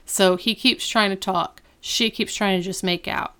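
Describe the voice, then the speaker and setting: A woman with a smooth, clear voice chats casually as a podcast co-host, retelling an episode scene by scene. She slips into the characters' lines with lively emphasis. Her pitch sits in an ordinary middle range. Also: measured pace. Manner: animated retelling, acting out quoted lines. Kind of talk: casual chat.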